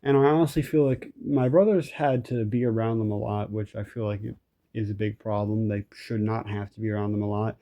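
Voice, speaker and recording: A man's voice: fairly low pitch, steady tone, a little fast, mellow. A young man venting in a frustrated, rambling rant, swearing often and restarting his sentences. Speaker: vlogger. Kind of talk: ranting vent recording.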